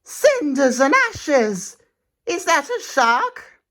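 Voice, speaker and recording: A woman voicing an excitable little male tank engine in a storybook reading, squeaky and exclamatory. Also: drawn-out words, full character voice. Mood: excited.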